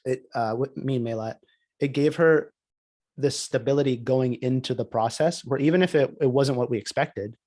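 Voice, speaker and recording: A man's voice: medium pitch, moderate pace. A man on a podcast, telling a personal story in casual chat, full of "like" fillers. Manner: animated storytelling, many "like" fillers. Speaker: podcast co-host.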